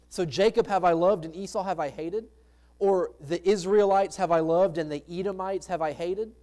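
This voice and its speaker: A man's voice: sits high, mellow. A man preaching a sermon as pastor, in a conversational way with rhetorical questions to the congregation. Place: church sanctuary.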